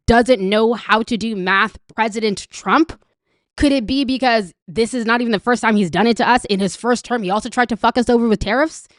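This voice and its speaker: Canadian woman ranting about politics, swears a lot, sarcastic, higher voice, dry close sound. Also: no room sound. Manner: angry, profane, sarcastic. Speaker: political commentator. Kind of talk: ranting reaction commentary.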